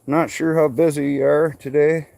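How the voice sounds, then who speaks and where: A man's voice: fairly high pitch, little pitch movement, moderate pace, vocal fry, warm tone. A man from Michigan who runs a tree business, chatting casually and swearing freely on a live stream from an outdoor work site. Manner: swears freely, loose rambling talk.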